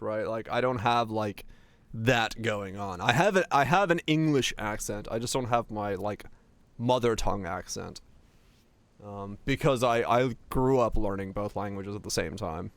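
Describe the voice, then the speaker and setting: A man's voice: lowish voice, no room sound. A streamer from Finland with an American accent carrying slight Southern touches, rambling casually as he answers chat.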